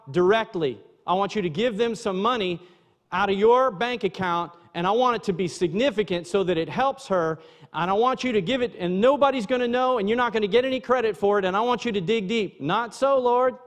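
High-voiced pastor preaching in a reverberant church. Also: male voice. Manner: conversational preaching, asides to the congregation. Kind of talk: sermon. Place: church sanctuary.

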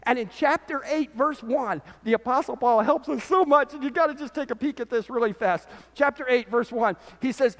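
A man preaching a sermon as pastor to his congregation, animated, his voice swinging from loud peaks to quiet lows. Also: moderate pace, hardly any pauses. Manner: animated preaching, voice rising and dropping sharply. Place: church sanctuary. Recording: church sanctuary with long reverb.

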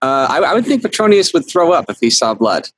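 A man guest on an interview, telling stories in a lively, laughing way and acting out quotes. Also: a little high, a little fast, slight background noise, rough recording. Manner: animated storyteller, laughs often, acts out quotes. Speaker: actor guest. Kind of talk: casual interview chat.

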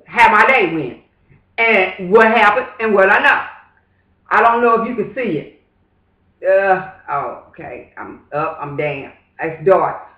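High-voiced man preaching in an echoey room. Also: animated, a little slow, bright, forceful tone, muffled recording. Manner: emphatic and fervent, with repeated rhetorical asides. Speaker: vlogger. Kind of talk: casual vlog monologue, preachy. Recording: roomy echo.

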